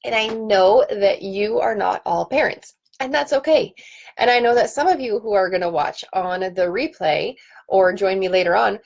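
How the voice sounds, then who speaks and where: A woman's voice: medium pitch, normal speed, vocal fry. A woman in her thirties hosting a casual home live stream, chatting in a rambling way with ums and restarts, into a computer webcam. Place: home office.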